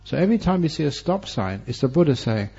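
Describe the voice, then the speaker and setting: A man who is a Buddhist monk teacher, giving a Dharma talk and telling stories with humor and lively, varied delivery. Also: on the high side, quick pace, creaky, slightly rough. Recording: dull lo-fi recording.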